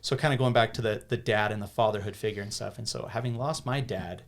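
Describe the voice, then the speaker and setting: Gravelly-voiced American man telling his story. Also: lowish voice, fast. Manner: earnest, repeats words and restarts often. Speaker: podcast guest. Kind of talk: casual interview storytelling. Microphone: podcast studio microphone.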